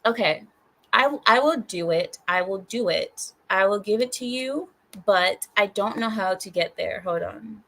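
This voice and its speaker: Hoarse woman live-streamer scolding playfully. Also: medium pitch, animated, unhurried, a bit bright. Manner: mock-stern, teasing scolding of viewers. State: hoarse from screaming. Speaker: livestream host. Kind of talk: casual live-stream chat.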